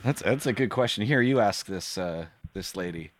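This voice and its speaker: A man hosting a podcast, making prank calls in a crude, aggressive, deadpan way. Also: fairly low pitch, moderate pace. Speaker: prank caller, podcast host. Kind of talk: prank call.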